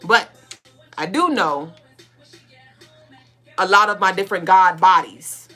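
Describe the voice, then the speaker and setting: A woman co-hosting a podcast of casual spiritual talk. She speaks bluntly, swears freely and fires off rapid rhetorical questions. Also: mid-range voice, pushed and bright, faint music behind. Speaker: podcast co-host.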